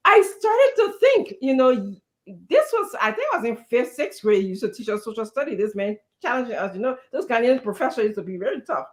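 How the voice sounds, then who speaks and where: Woman guest, a bit high-pitched, reflective and conversational. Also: very animated, fairly quick. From Liberia. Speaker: show guest. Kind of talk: live talk show chat.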